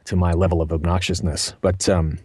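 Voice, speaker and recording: A man's voice: deep voice, flat delivery, a little fast, mellow, no echo, clean studio sound. A man in his thirties, a voice actor answering interview questions in a rambling, self-deprecating way with many fillers. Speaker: voice actor guest. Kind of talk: casual interview chat.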